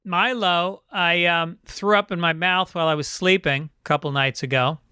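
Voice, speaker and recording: A man's voice: high voice, moderate pace, pushed and bright, smooth, no room sound, studio quality. Candid, rambling male podcast co-host. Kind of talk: casual chat.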